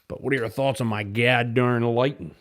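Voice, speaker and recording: A man's voice: mid-range voice, fairly even intonation, moderate pace, fairly bright tone. A man hosting a casual livestream from home, rambling to the camera and chat with frequent ums. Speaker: livestream host.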